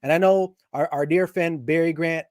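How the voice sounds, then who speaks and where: Opinionated high-voiced man talking sports. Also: moderate pace, no echo, clean studio sound. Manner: opinionated, animated, with many restarts. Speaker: guest sports commentator. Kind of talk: casual sports chat.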